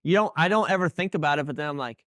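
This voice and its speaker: A man's voice: on the high side, very fast, fairly bright tone, no room sound. Easygoing male racing driver, dry sound. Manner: easygoing, self-mocking humor. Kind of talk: casual interview chat.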